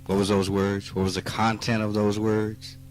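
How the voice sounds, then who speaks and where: A man with a Southern US accent giving a spiritual talk, slow and emphatic, teasing his listeners and rising into animated outbursts. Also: lowish voice, slight background noise. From Mississippi. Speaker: spiritual teacher. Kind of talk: spoken dharma talk. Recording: archive talk recording with faint music.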